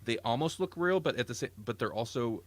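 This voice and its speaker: A man's voice: mid-range voice, lively intonation, brisk. A man hosting a casual podcast chat, rambling and enthusiastic, often correcting himself mid-sentence. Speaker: podcast host.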